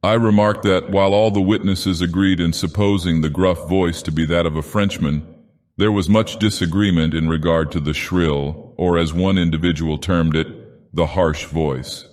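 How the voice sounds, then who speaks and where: A man voicing a godlike villain from a game, reading a story aloud in a slow, grave, measured manner. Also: deep voice, steady tone, darkish tone, close to an everyday voice. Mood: brooding. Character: deep-voiced godlike male villain reading a tale. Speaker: audiobook narrator. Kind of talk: storybook narration in character. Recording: long hall reverb.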